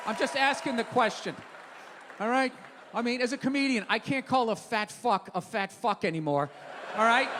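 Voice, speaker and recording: A middle-aged man doing a stand-up comedy rant, profane and exasperated, breaking into shouts. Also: very high-pitched, noisy background. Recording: reverberant theater stage.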